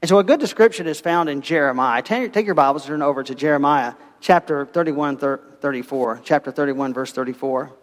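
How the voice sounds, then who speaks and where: Man, sermon, animated storytelling, high voice, long hall reverb. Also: fairly quick, hardly any pauses. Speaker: pastor.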